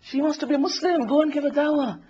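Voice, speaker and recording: A man's voice: very high-pitched, quick pace, a little mellow, lo-fi sound, voice pushed up. A man voicing a sly male devil who coaxes and urges, pressing in a raised, insistent voice. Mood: coaxing. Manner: urgent, wheedling persuasion.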